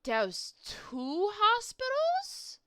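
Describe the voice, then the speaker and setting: A woman voicing a small, slimy, cranky creature that complains and shouts, reading a webcomic aloud. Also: high-pitched, wildly swooping pitch, unhurried, a little hiss or hum, exaggerated voice. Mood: chirpy.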